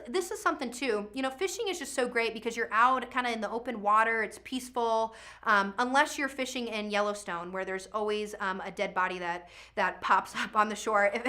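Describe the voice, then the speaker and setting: A woman hosting a live virtual charity auction from a studio, chatty and energetic, calling out bidders' names and pushing for the next bid. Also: a little high.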